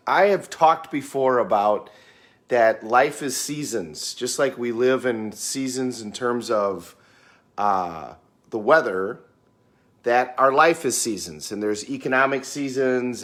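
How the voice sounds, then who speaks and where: A middle-aged man from the United States muses aloud in a casual monologue. He tells his story in an unhurried, folksy way, with fillers between thoughts. His pitch sits in the middle range. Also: fairly bright tone. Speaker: speaker sharing reflections.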